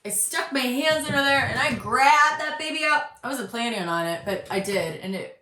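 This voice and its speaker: Woman, thirties, reaction host, blunt, sarcastic, swears, lively pitch, echoey room. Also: moderate pace. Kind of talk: casual reaction commentary.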